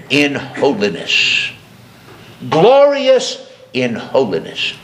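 A man preaching a sermon with passion, repeating phrases for emphasis and climbing from low murmurs to high, ringing cries. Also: big pitch swings, slow, a bit bright.

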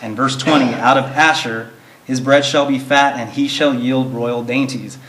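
A man of middle pitch teaches a verse-by-verse Bible study, reading old scripture aloud and then explaining it plainly and earnestly. His voice carries a roomy echo around it. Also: steady tone, normal speed, a crowd in the background. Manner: earnest, explains plainly, reads verses in King James wording.

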